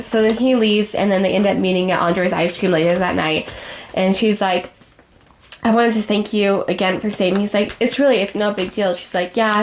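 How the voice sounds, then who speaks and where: A woman's voice: medium pitch, a little hiss or hum. A young woman hosting a fandom video, chatting playfully and telling a made-up story, quoting characters in her own voice. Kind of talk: casual storytelling to camera.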